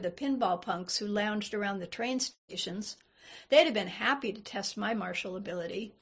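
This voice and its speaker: A woman reading a first-person story aloud in a measured, unhurried way. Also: mid-range voice, husky. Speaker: reader. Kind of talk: storybook narration.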